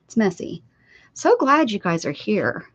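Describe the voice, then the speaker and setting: An older woman talks casually to her livestream viewers from her home craft desk, drifting between her work and their comments. Her voice sits at an ordinary middle pitch. The stream audio is a little dull and lo-fi. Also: sing-song, unhurried, slightly rough, dry recording. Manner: chatty, reads chat aloud and answers viewers.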